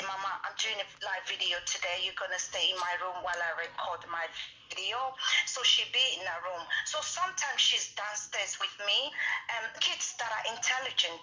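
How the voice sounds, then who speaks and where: Blunt, swearing woman guest; bright voice, echoey room. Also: mid-range voice. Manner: brash, blunt, swears freely. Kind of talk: live online interview.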